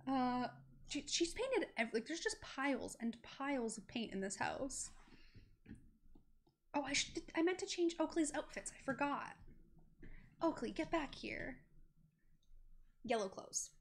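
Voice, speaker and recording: A young woman streamer giving giggly, chatty gameplay commentary, often cooing over the characters on screen. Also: fairly high pitch.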